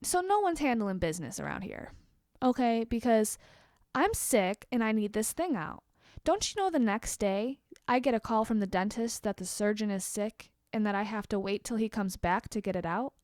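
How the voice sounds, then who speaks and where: In a candid, expressive storytime rant to camera, a young woman vlogger swears freely and makes quick asides to viewers. Her voice is on the high side, recorded at studio quality without room sound.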